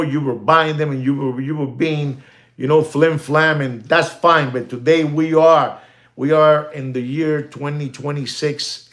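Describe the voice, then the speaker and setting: A man livestreaming about watches talks in a voice pitched a little above the usual. He repeats himself for emphasis, drops Spanish exclamations into his English, and slides between punchy declarations and quiet mutters. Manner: emphatic and repetitive, dropping to near-mutters. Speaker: watch channel host. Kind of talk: live-streamed casual rant.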